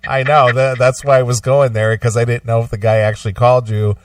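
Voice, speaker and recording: A man's voice: mid-range voice, little pitch movement, fairly quick, far from the mic. A man hosting a radio show in casual banter, chatty and repetitive, asking pointed questions. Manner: chatty, repeats himself, asks pointed questions. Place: radio studio.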